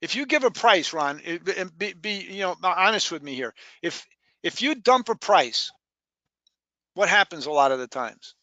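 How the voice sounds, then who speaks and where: High, bright, emphatic male sales trainer. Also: sing-song, normal speed, no echo. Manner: emphatic, repeats key phrases, asks questions. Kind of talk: live sales training session.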